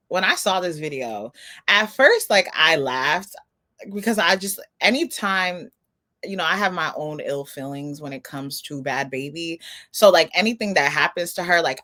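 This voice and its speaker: Lively, bright-voiced woman telling stories. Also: deep voice, measured pace. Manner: animated storytelling, laughing incredulity. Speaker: podcast co-host. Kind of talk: casual chat.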